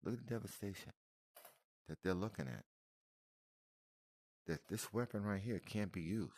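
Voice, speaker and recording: A man's voice: fairly low pitch, moderate pace, darkish tone, no room sound. A man giving casual, emotional reaction commentary on video footage, repeating himself and calling the listener "man" and "brother". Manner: emotional, repetitive, addresses viewer as man and brother.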